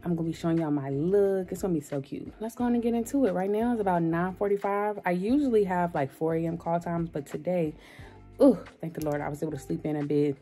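Woman, young adult, casual vlog chat, upbeat, lowish pitch, faint music behind. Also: quick pace, dark tone. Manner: upbeat, talks straight to viewers, says y'all a lot. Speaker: lifestyle vlogger.

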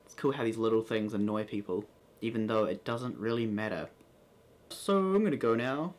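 A man's voice: lowish voice, lively intonation. Young nz guy doing an accent tag vlog, playful, draws out words. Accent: New Zealand. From New Zealand. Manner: playful, reads word list with drawn-out words. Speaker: vlogger. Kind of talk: casual accent tag video.

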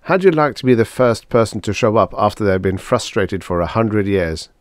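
A man's voice: on the low side, lively intonation, moderate pace, dry recording, lightly acted. A man voicing a thin, dry, sarcastic male space salvager.

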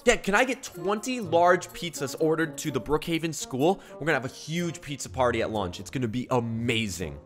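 Lively young man narrating game roleplay. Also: a little high, a little fast, few pauses, faint music behind. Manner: animated, switches between playful and mock-angry. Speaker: YouTuber narrating roleplay gameplay. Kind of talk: casual roleplay commentary.

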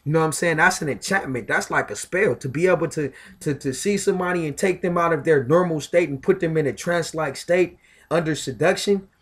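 A man with a slightly higher-pitched voice holds forth in a casual, profane spiritual monologue. He talks with heavy emphasis, keeps looping back to filler phrases, and stumbles over repeated words as he pushes his point. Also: brisk, a bit bright, breathy edge. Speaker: self-styled spiritual commentator.

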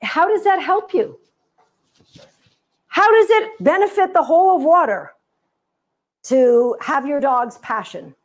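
A woman dog trainer giving an instructional talk, animated and playful as she tells stories. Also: high voice, takes it slowly, long pauses.

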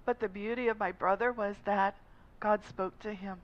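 A woman's voice: medium pitch, steady tone, moderate pace. A woman pastor preaching a sermon in a conversational, storytelling manner. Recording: slightly dull lo-fi recording.

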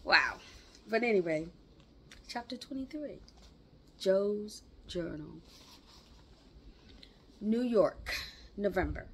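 A woman reading a classic novel aloud, unhurried, with chatty exclaiming asides between chapters. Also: mid-range voice, animated, a little mellow, breathy edge. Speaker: book reader.

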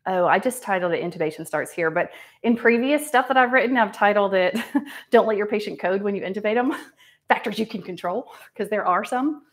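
Lady in her 40s chatting away on a livestream, lots of ums and little laughs. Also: medium pitch. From American South. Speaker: nurse practitioner live-streaming. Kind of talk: casual livestream chat while getting ready.

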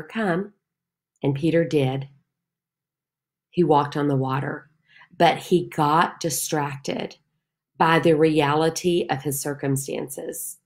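A woman's voice: fairly low pitch, darkish tone. A woman leading a Bible study, reading scripture aloud and speaking to listeners in an earnest, heartfelt way. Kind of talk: devotional Bible teaching.

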